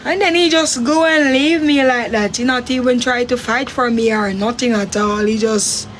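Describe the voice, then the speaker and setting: A Jamaican woman telling a personal story in a casual way, acting out her own quotes with big jumps in pitch. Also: normal speed, a little hiss or hum.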